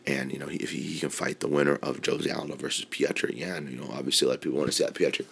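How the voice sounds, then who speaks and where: Brief: man, very low gravelly voice, casual rambling host, swears a lot. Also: fairly even intonation, rapid-fire, a bit bright. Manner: rambling, filler-heavy and swears freely. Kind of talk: casual opinion talk on mixed martial arts.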